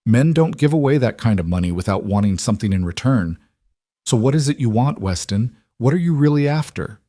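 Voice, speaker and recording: A man's voice: medium pitch, expressive, fairly quick, dark tone, no echo, clean studio sound, natural voice. A man voicing a wary, frightened widowed frontier mother whose guarded voice rises and breaks. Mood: demanding. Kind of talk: audiobook character reading.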